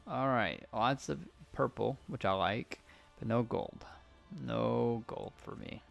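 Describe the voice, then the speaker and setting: A man's voice: medium pitch, takes it slowly, vocal fry, lo-fi sound, faint music behind. A man casually commenting on a game as he plays, thinking aloud and reading out item stats. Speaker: gaming channel host.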